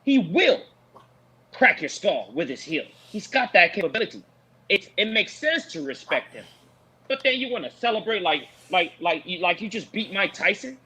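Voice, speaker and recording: A man talking in an animated post-fight show discussion, preachy and emphatic, repeating his points for effect. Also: high-pitched, moderate pace, breathy edge, rough recording. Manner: preachy, emphatic, repeats lines for effect, mocks with put-on voices.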